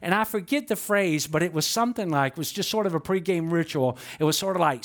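Animated pastor preaching. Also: male voice, a little high, fast, few pauses. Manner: animated storytelling with acted quotes and humor. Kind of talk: sermon.

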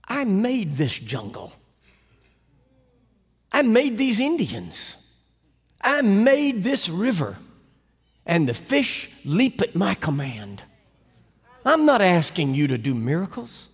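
A man's voice: high voice, wildly swooping pitch, takes it slowly, pauses often, husky, voice pushed up, full character voice. A man voicing a stern, commanding God. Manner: declaiming, firm. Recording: echoey hall reverb.

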